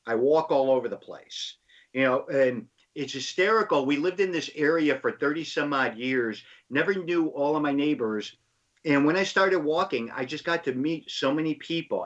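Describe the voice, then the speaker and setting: An older man, a guest, chatting in an easygoing way and laughing readily. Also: mid-range voice. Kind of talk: casual conversation. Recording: muffled lo-fi audio.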